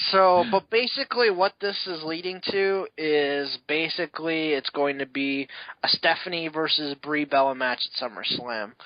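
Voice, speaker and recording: A podcast co-host talks in loose, rambling chat, his voice sitting a little high. The sound is dead dry with no room around it. The recording is muffled and lo-fi. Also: dry recording. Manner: chatty, rambling storyteller. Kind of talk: casual chat. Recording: dull lo-fi recording.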